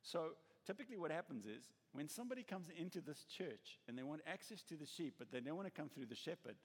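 A man's voice: a little high, quick pace, husky. A man preaching a sermon as a pastor, telling stories and acting out the people he quotes, in a church hall. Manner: animated storytelling, acts out quoted voices. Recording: echoey hall with long reverb.

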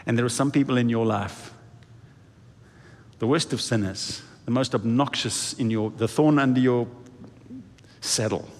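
Male pastor mid-sermon, lively and dramatic delivery acting out quotes, recorded with long church reverb. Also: measured pace, long pauses. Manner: animated, acts out quoted voices, lively swings in pitch and volume. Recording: echoey hall reverb.

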